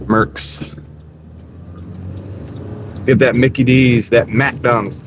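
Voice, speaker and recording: A man's voice: mid-range voice, normal speed. Guy chatting with his stream from the car, mid voice, road noise under it. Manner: chatty, greets chat viewers by name. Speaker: streaming gig delivery driver. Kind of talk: casual live-stream chat while driving. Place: inside a moving car. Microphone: wireless clip-on mic.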